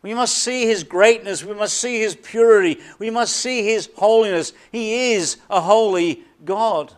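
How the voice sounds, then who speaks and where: High-voiced man preaching a sermon. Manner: emphatic preaching with deliberate repetition and dramatic drops in volume. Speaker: pastor.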